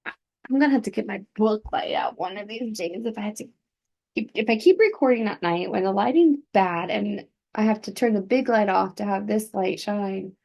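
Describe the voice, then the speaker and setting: A woman's voice: medium pitch, normal speed, vocal fry, darkish tone, muffled recording. A woman hosting a book podcast, reading a novel aloud casually at home at night, with stumbles, self-corrections and chatty asides.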